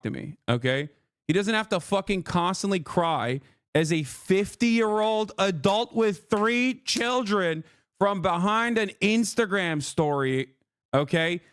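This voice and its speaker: A man's voice: high voice, animated, takes it slowly, a bit bright, clean tone, no room sound, studio quality. A man in an angry, confrontational on-stream rant, swearing often.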